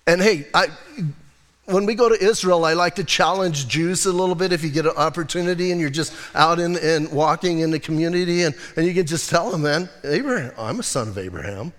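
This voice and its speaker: A man's voice: a little high, steady tone, brisk, fairly bright tone. Chatty male pastor in a reverberant sanctuary. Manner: conversational, teasing the congregation. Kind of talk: sermon. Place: church sanctuary. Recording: long hall reverb.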